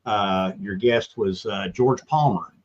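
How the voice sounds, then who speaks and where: An older man co-hosting a podcast, speaking in an easygoing, halting way with many fillers. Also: fairly low pitch, dull audio. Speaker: podcast co-host. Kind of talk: casual interview chat.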